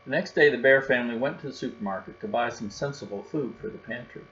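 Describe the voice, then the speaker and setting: A man's voice: medium pitch, quick pace, fairly bright tone. Man reading a storybook aloud. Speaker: storybook reader. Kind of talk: storybook read-aloud narration. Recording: dull recording with faint hum.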